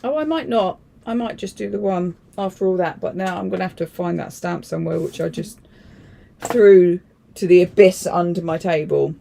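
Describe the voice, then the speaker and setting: Chatty woman with a gravelly voice. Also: fairly low pitch, moderate pace, dark tone, a little hiss or hum. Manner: rambling, chatty, self-deprecating, thinking aloud. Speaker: craft livestream host. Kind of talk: casual crafting demonstration.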